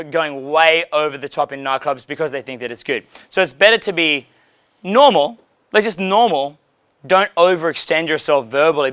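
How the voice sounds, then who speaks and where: A man coaching on dating in a loose, blunt way, swearing casually. His voice is bright and crisp, a touch high for a man. The sound is dry and close. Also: no echo. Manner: blunt, profane, relaxed, frequent laughs.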